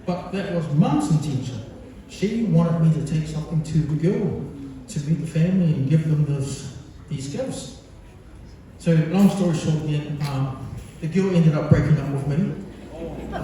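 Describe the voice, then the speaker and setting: A New Zealand man with a fairly high, warm voice gives a birthday speech as the son, rambling and telling funny stories full of fillers. He's addressing a gathering in a large function hall, recorded from a distance with lots of echo.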